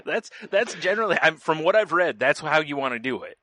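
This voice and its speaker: A man's voice: on the high side, expressive, bright, forceful tone, no echo. A man co-hosting a podcast, cracking jokes, laughing often and swearing in casual chat. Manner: quick jokes and frequent laughter, swears freely. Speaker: podcast co-host.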